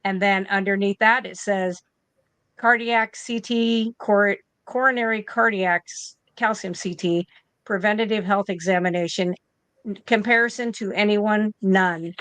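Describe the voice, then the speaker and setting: A woman's voice: mid-range voice, steady tone, unhurried, fairly bright tone, smooth, no room sound. A woman in her fifties, an interview guest and nurse from the United States, telling a story in a casual way and acting out both sides of each conversation.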